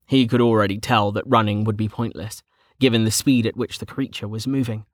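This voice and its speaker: A man reading a fantasy novel aloud as its narrator, in a steady, measured way on a close mic. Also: fairly low pitch, no echo. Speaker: audiobook narrator. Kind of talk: scripted audiobook narration.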